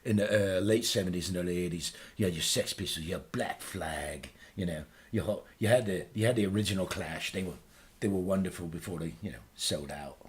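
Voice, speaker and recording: In a low, brisk voice close to his everyday one, a man plays a boastful aging British punk singer with a Liverpool accent guest hosting a radio show. The comic character rambles and hesitates, full of fillers, then bursts into loud ranting.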